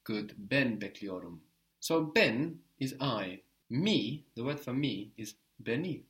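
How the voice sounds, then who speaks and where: Male tutor, patient drill style, quick "good" after each answer. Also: medium pitch, lively intonation, fairly bright tone. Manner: patient, prompting with short praise. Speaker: language teacher. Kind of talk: language lesson drills.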